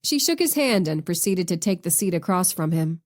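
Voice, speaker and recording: Woman audiobook narrator, steady expressive read. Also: lowish voice, normal speed, hardly any pauses. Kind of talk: scripted narration.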